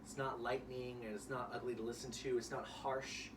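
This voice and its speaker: A young man teaching a child violin in a relaxed, casual way, explaining ideas and singing short examples. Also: mid-range voice, moderate pace. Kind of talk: casual one-on-one music lesson. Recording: distant room mic with noise.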